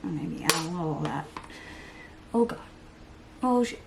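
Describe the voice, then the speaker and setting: A woman's voice: low-pitched, expressive, moderate pace, vocal fry, heavy background noise. A woman chatting casually to her viewers while doing her makeup, rambling and poking fun at herself. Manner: rambling, self-mocking, breaks into playful voices and laughs. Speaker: beauty vlogger. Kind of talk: chatty get-ready-with-me vlog.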